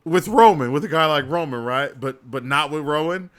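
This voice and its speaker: A man's voice: fairly high pitch, normal speed. A man co-hosting a podcast, chatting loosely and laughing as he recaps wrestling, often acting out what wrestlers said. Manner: animated, laughing, swearing, mimicking wrestlers. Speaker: podcast co-host. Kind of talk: casual wrestling recap chat.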